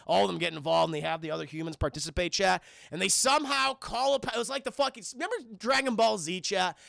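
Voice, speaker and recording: A man casually retelling a film plot to his stream chat, profane and animated, acting out characters in squeaky voices. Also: fast talker, gravelly, no room sound, studio quality.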